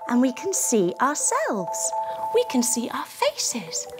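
A woman leading a children's yoga story, telling it in an animated way with playful sound effects. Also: on the high side, unhurried, over music. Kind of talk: guided kids' yoga story.

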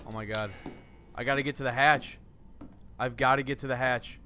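A young man streaming a horror game, talking to his chat in an excitable, jumpy way with lots of swearing. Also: mid-range voice, normal speed, a little hiss or hum. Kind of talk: live gameplay commentary. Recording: voice over game music. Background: game music.

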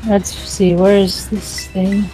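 A woman guest chatting casually during a let's play, relaxed and asking curious questions. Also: medium pitch, slow, soft background music, poor audio. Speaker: guest co-player. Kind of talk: casual gameplay chat.

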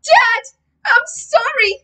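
A woman's voice: animated, slow, bright, forceful tone, full character voice. A woman voicing a terrified young boy who sobs and pleads to be allowed to stop. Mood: desperate pleading. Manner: pleading, shrill. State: crying.

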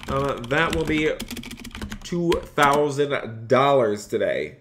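A man's voice: mid-range voice, lively intonation, slow, fairly bright tone, slight background noise. A man live-streaming a game role-play as a phone store clerk, with upbeat salesman patter, repeating his lines and thanking his chat in between.

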